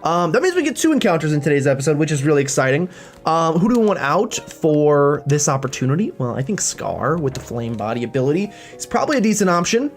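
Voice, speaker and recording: A chatty let's-play commentator narrating a game run. The speech is quick and playful with pitch swinging widely, and faint game music plays underneath. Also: big pitch swings.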